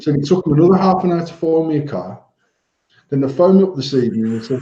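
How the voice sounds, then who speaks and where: A man joins a livestream from his phone and tells blunt stories full of swearing. His voice is mellow and dark. It echoes around the room and sounds dull and lo-fi through the phone. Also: a little high, expressive, fast talker. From England. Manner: heavy swearing, blunt anecdotes. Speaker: co-host of a vaping livestream. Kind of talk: casual storytelling banter.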